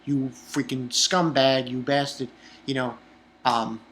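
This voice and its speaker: A man's voice: medium pitch, little pitch movement, takes it slowly, a bit bright, echoey room, slight background noise, pitched below the performer's own voice. A man paraphrasing a furious male fish-man villain from an anime, cursing out a traitor in his own everyday voice. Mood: angry ranting. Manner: angry, ranting.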